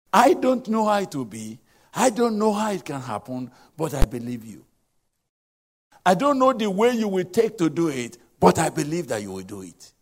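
A man's voice: mid-range voice, a little mellow. A man preaching a sermon, telling scripture stories dramatically and acting out the voices in quotes.

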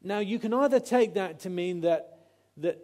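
A man's voice: high voice, moderate pace, mellow. A man preaching a conversational sermon, often acting out quotes and restarting his sentences.

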